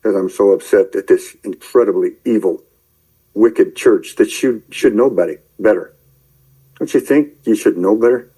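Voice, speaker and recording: A man preaching in a rambling commentary, shouting angry tirades at his listeners and then muttering to himself as he browses his screen. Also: lowish voice, moderate pace, breathy edge, poor audio. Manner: addresses listeners directly, calling out believers. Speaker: online preacher.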